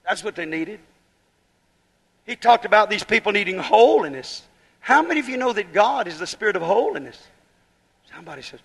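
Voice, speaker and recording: A man's voice: high-pitched, quick pace, gravelly, slightly rough, big-room sound. A man preaching a fiery holiness sermon, building to emphatic bursts and firing rhetorical questions at the congregation.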